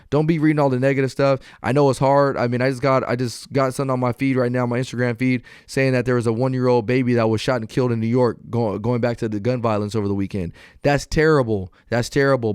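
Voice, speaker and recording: Smooth-voiced man hosting a podcast. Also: mid-range voice, a little mellow, no echo, clean studio sound. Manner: earnest, motivational, conversational. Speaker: podcast host. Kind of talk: casual podcast chat.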